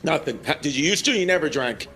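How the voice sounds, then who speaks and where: A man's voice: a little high, expressive, fast, bright, forceful tone. A young man doing crude, teasing stand-up crowd work in a crowded airport terminal venue. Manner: brash, teasing, crude banter with audience. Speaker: stand-up comedian. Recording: noisy live crowd. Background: crowd laughter and terminal ambience.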